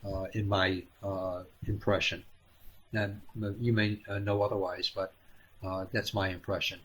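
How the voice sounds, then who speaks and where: A fairly low-voiced man leading a live-stream healing session. He speaks gently and haltingly, pausing often with fillers, and coaxes viewers by name. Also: breathy edge. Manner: coaxing, addresses viewers by name and calls them hon. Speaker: spiritual healer hosting a live Q&A.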